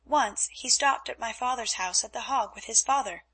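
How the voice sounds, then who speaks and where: A cheerful young heiress, given voice by a woman reading the story, light and lilting. The tone is bright and pointed, with a breathy edge. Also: a little high, moderate pace. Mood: playful. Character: cheerful young Dutch heiress, playful then frightened.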